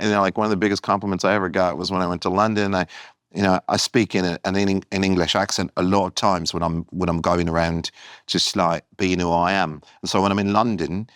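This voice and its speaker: Deep-voiced man chatting earnestly. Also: fairly bright tone, no room sound, clean studio sound. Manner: earnest, restarts and trailing phrases. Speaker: comedian guest. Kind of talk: casual podcast conversation.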